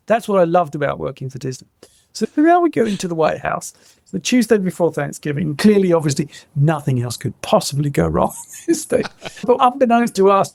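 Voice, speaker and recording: A middle-aged man, a podcast guest, telling animated stories, laughing often and acting out quoted lines. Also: fairly high pitch, vocal fry, no room sound. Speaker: guest, former innovation head. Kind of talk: animated anecdotal storytelling.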